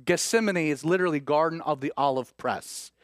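High-voiced preacher, storytelling. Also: male voice, fairly quick, dry recording, studio quality. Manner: storytelling, acts out quoted speech with restarts. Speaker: pastor. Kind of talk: sermon.

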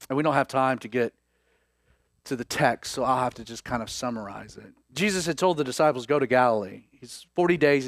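A male pastor preaching a sermon, acting out scripture scenes with swings between loud intensity and hushed moments. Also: on the high side, no room sound, studio quality. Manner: dramatic preaching, voices scripture figures with rising intensity.

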